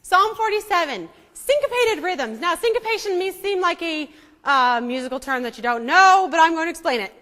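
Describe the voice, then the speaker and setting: A woman's voice: very high voice, expressive, a little fast, a bit bright. A woman leading a church music lesson, coaxing and demonstrative as she teaches a group to sing psalms. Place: church hall. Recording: echoey hall with faint singing behind.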